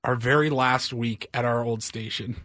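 A man's voice: medium pitch, steady tone, normal speed, a bit bright. A man co-hosting a morning radio show, telling stories from past years. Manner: storytelling, reminiscing. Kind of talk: casual morning radio banter.

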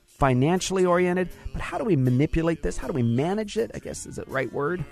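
Gravelly-voiced male radio finance host. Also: high voice, expressive, fast talker, soft background music. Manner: folksy, conversational, addresses listeners as guys. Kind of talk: radio talk show monologue.

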